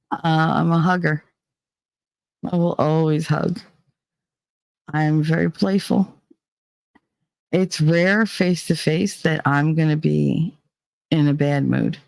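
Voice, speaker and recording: A woman's voice: sits low, creaky, a little mellow, dry recording. A woman chatting casually with her viewers, rambling and swearing as she talks, shaky and dizzy after a panic attack. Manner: rambling, swearing, laughing often. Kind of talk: casual live-stream chat.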